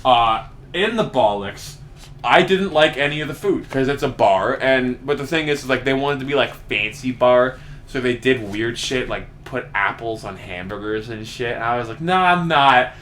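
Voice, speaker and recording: A man's voice: medium pitch, normal speed, a bit bright, slight background noise. A young man co-hosting a casual podcast, rambling and swearing as he tells stories, often laughing through them. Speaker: podcast co-host.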